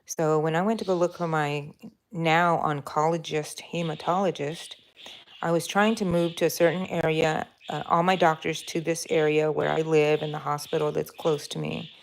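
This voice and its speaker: A woman's voice: low-pitched, flat delivery, normal speed, gravelly, a little hiss or hum. An older woman hosting a home craft livestream, chatting in a rambling, casual way and answering her viewers. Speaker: crochet livestream host. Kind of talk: casual chat while crocheting.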